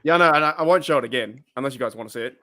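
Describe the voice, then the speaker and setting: A man's voice: medium pitch, very fast, sharp tone. A man hosting a fan live stream, casually reading out chat comments. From Australia. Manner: easygoing, reads chat comments aloud.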